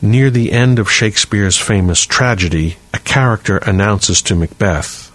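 Deep-voiced man reading a writing lesson. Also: fairly bright tone, dry recording. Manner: measured, clear and deliberate reading. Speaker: writing teacher, podcast host. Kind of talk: scripted instructional reading.

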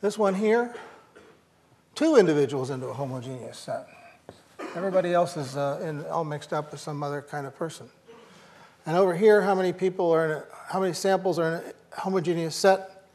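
A man's voice: on the high side, brisk, a little mellow. An older man giving a university lecture, thinking aloud with fillers and restarts and slipping in dry jokes.

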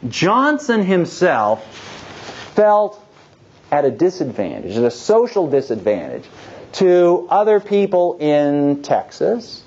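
A man giving a public history lecture, lively and digressive, with wry asides. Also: fairly high pitch, breathy edge, lo-fi sound. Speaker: guest lecturer.

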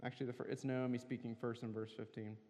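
A man's voice: mid-range voice, level tone, fast talker, dark tone. A man preaching at a campus worship service, telling a scripture story earnestly and pressing hard on key words. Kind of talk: sermon. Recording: long hall reverb.

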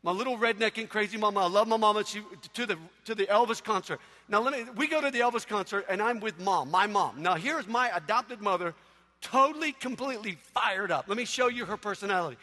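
High, bright-voiced animated preacher man. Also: quick pace. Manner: animated storytelling, loud outbursts. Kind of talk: sermon. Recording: echoey hall.

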